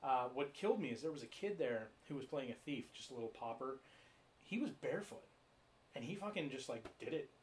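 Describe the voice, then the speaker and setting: A man's voice: medium pitch, expressive, a little fast, slight background noise. A man co-hosting a podcast, telling rambling stories in casual chat and swearing freely. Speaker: podcast co-host.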